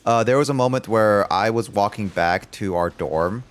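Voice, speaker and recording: With a fairly low voice at a normal speed, a young man streams a game and rambles as he plays. He tells a long story packed with fillers and false starts.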